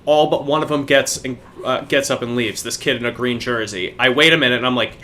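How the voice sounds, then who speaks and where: A man's voice: mid-range voice, fairly even intonation, quick pace, few pauses, sharp tone. A young man, a podcast co-host, telling a profane story in casual chat.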